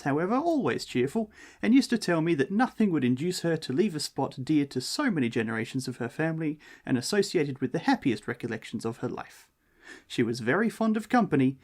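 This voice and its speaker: Wry male podcast co-host, animated read, slightly husky tone. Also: on the high side, a little fast. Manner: wry, jokey, reads with lively expression. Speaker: podcast co-host reading a ghost story. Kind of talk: casual chat and reading aloud.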